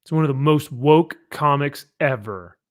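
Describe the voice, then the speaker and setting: A man hosting a casual panel chat about comics, animated and joking, from Southern California. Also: on the high side, normal speed, no echo. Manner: animated, mimics people with loud put-on voices. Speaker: podcast host.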